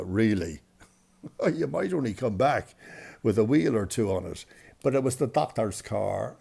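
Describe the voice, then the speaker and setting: An older Irish man telling rambling, self-mocking stories in a casual way, getting excited at the punchlines. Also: mid-range voice, vocal fry, breathy edge. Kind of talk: casual storytelling.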